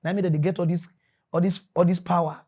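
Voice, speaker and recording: A man with a Nigerian Pidgin accent, ranting in animated commentary as a mock news presenter. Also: high-pitched, fast talker.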